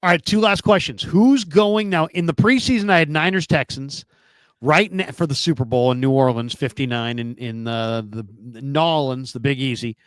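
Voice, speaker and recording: A man's voice: mid-range voice, clear, resonant tone, no room sound. A man hosting a podcast, asking questions in an easygoing, casual chat. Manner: easygoing, quick affirmations. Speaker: podcast host.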